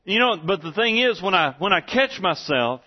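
A dull lo-fi recording captures a man whose voice sits high and swings widely in pitch at a normal speed. He preaches earnestly and repetitively to a congregation in a church room, frequently starting his sentences over.

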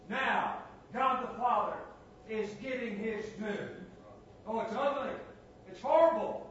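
A man preaching a sermon, dropping to a hush and then rising to a booming cry, repeating phrases for emphasis. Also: dull audio, slight background noise. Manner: swings from hushed to booming, dramatic pauses.

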